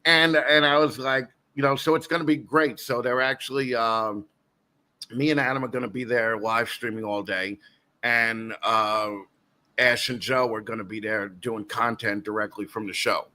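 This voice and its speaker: Man, guest host, podcast chat, bright forward voice, rambling, laughs often. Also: medium pitch, fairly even intonation, normal speed. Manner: rambling storyteller, frequent restarts and laughter.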